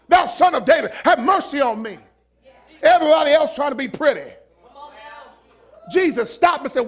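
Animated preacher, gravelly voice, shouting. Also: male voice, very high-pitched, normal speed, some chatter behind. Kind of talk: sermon.

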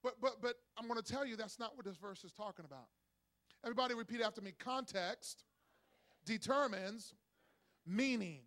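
Middle-aged male pastor, high and bright voice, energetic sermon delivery with call-and-response. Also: racing. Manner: energetic preacher calling for congregation responses; acts out voices in a joke with rising excitement. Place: church.

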